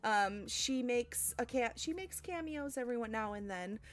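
A woman's voice: a little high, lively intonation, moderate pace. Bubbly giggling woman streamer. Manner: bubbly, giggly, thanking viewers warmly. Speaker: game streamer. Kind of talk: casual live-stream chat. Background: faint lo-fi music.

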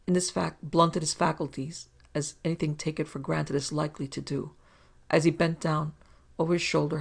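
A woman, who is both narrator and producer, reads a scripted pulp adventure story aloud with measured, even pacing. Her voice is gravelly and husky, and its flat pitch barely moves.

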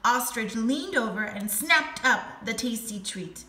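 A woman teacher reading a storybook aloud to her class, slow and expressive. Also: a little high. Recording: echoey room with faint noise.

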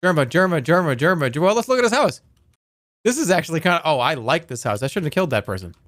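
A man's voice: a little high, huge pitch swings, quick pace, a bit bright, no room sound, clean studio sound. A man streaming a game live, rambling playfully and reading viewer messages aloud.

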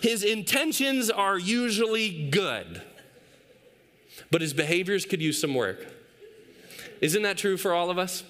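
Bright, upbeat man preaching. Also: high-pitched, very animated, unhurried, long pauses. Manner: storytelling with playful acted quotes of his toddler. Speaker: pastor. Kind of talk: sermon with personal stories. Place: church stage.

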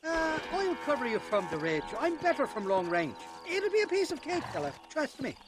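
A man's voice: extremely high pitch, wildly swooping pitch, moderate pace, music in the background, full character voice. A man voicing a chatty, shifty Irish male drifter who rambles in colorful folksy insults. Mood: cocky. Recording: game audio with noisy backdrop.

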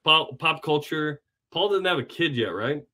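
A man's voice: on the high side, moderate pace. A man hosting a sports podcast, chatting casually and joking with plenty of fillers. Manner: relaxed, joking, frequent fillers. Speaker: podcast host.

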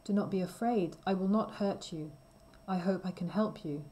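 A woman voicing a kind, protective male knight in a storybook, calm and reassuring. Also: lowish voice, normal speed, natural voice.

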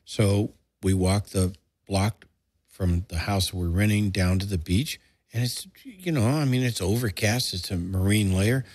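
A man's voice: fairly low pitch, unhurried, dry recording, clean studio sound. An older man telling a family story casually, acting out what people said with a jump in his voice and a few curse words. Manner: lively storyteller who acts out quotes in a raised voice and swears freely. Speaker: storyteller guest. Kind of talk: casual anecdote told to a relative.

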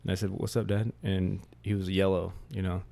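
A man with a deep voice and a rough, gravelly edge, speaking as a podcast guest. He tells his story in a blunt, plainspoken way. His talk is candid and conversational, not scripted. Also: little pitch movement, fairly quick, mellow. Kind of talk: candid conversation about grief.

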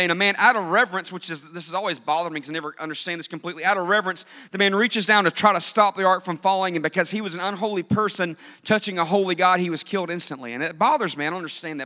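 A male pastor preaching a sermon, telling stories with lively swings between hushed and loud delivery. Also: high-pitched, big-room sound. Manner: animated storytelling preacher, swings from soft to loud.

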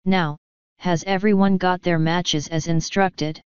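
A woman's voice: lowish voice, steady tone, a little mellow, clear, resonant tone, no room sound, highs cut off, natural voice. A woman reading a bossy pompous wizard. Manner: brisk, bossy, impatient.

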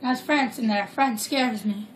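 A chatty woman with a high voice does casual let's-play commentary on a game, taking her time as she rambles along with jokey asides. The recording has a roomy echo, and loud game music plays underneath.

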